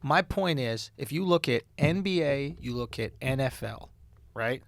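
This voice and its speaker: A man co-hosting a comedy podcast, riffing provocatively and building up to loud rants. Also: mid-range voice, animated, a little slow, vocal fry, no room sound. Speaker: podcast co-host. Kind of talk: comedic casual chat. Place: podcast studio.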